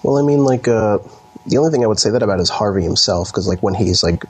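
A man co-hosting a casual podcast, his voice a little low and breathy-husky. He rambles along easily, stacking fillers and chuckling as he goes. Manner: relaxed, rambling, lots of fillers and quick laughs. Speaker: podcast co-host. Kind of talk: casual chat.

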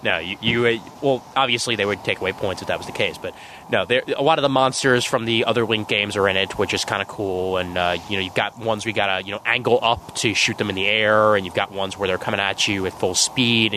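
Bright-voiced man chatting casually. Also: on the low side, slight background noise, rough recording. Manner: brief acknowledgements, bursts of goofy quoting. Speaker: podcast co-host. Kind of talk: casual chat.

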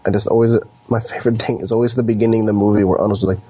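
A man's voice: lowish voice, steady tone, racing, mellow, husky. A young man co-hosting a podcast, talking casually and rambling with restarts and sighs. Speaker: podcast co-host. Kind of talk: casual chat.

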